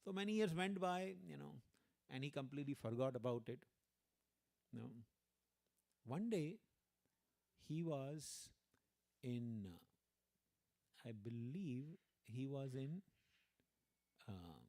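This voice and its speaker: A man giving a religious lecture as a guest speaker, telling stories in an animated way, often saying "you know" and acting out the people he quotes. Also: mid-range voice, slow, gravelly, long pauses. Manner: animated storyteller, acts out quoted voices, frequent "you know".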